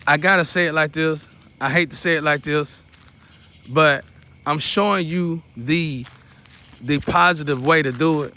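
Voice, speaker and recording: A man's voice: fairly high pitch, a little slow, sharp tone. A man teaching a guided meditation in a loose, repetitive, casual way, dropping in preacherly asides. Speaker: spiritual teacher.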